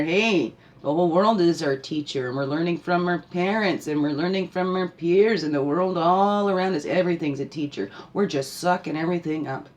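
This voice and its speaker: Animated woman giving spiritual guidance. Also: fairly low pitch, normal speed, hardly any pauses, slight background noise. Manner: animated, laughs often, asks the listener questions. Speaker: spiritual guide and podcast host. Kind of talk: casual spiritual talk.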